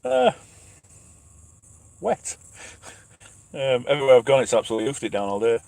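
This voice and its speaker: A man's voice: medium pitch, very animated, normal speed, vocal fry, darkish tone, no echo. A man who drives trucks, chatting casually on a live stream from his cab at night, reading out viewer questions with self-mocking laughs. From England. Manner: chatty, self-mocking, laughs often, reads names aloud. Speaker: truck driver and channel host.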